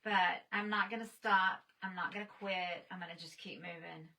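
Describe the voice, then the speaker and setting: A woman's voice: lowish voice, fairly even intonation, moderate pace, sharp tone, distant mic, poor audio. A woman painting on a live stream, chatting casually with viewers and laughing often.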